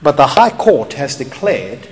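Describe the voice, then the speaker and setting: A man preaching a sermon as pastor, animated and emphatic with playful asides. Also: medium pitch, measured pace. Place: church hall. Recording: echoey hall, faint ambience.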